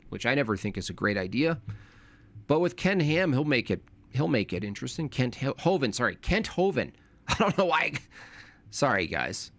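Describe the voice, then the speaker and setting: Young male streamer, mid-pitch, loose rambling chat full of restarts and slang. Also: a bit bright, no echo. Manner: rambling, self-correcting, informal slang. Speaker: live streamer. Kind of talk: casual live-stream commentary.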